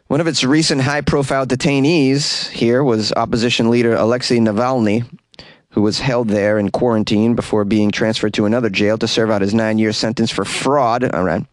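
A man's voice: medium pitch, no room sound. A man hosting a solo comedy news podcast, rambling, stumbling over foreign names and chuckling at his own jokes, recorded in a closet.

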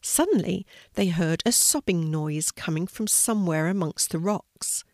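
An older woman reading a children's story aloud in a gentle storytelling manner. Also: on the low side, dry recording, studio quality.

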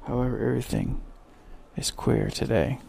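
A man's voice: mid-range voice, lively intonation, moderate pace, dark tone, a little hiss or hum. A man voicing an eager, polite little girl while reading a storybook aloud. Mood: musing. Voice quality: creaky, husky. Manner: eager, chatty, earnest.

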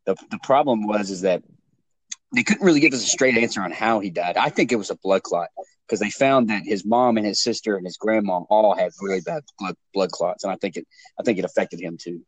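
A man's voice: lowish voice, brisk, slightly rough, no echo, low-quality recording. A man in casual chat, rambling and hedging as he talks, swearing offhand.

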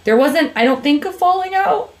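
A young woman hosting a podcast in casual chat, telling animated stories with swearing and frequent laughter. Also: high-pitched, moderate pace. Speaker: podcast host.

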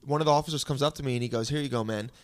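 A young man tells a story to his friends in a relaxed, self-mocking way, acting out the lines of the people in it. His voice sits at an ordinary pitch. It's recorded close and dry, with no room sound. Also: very fast, dry recording. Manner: laid-back, self-mocking, quotes people in dialogue. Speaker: podcast co-host telling a story. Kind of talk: casual storytelling among friends.

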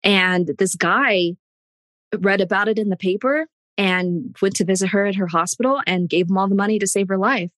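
A woman in casual podcast chat, telling a story earnestly at a middle pitch. The recording is dry and close, with no room sound. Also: moderate pace, fairly bright tone, no room sound. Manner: earnest, tells stories.

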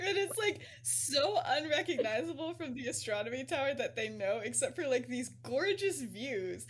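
A young woman co-hosting a podcast, casually retelling a story with frequent giggles, lots of "like", and quick acted-out quotes. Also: high voice, very animated, breathy edge. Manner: giggly, peppered with "like", acts out quotes. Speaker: podcast co-host.

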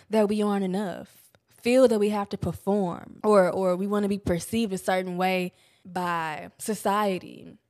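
Young woman vlogging about self-help, mid pitch, chatty and blunt, swears a lot. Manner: candid, animated, swears casually. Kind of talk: casual self-help talk to camera.

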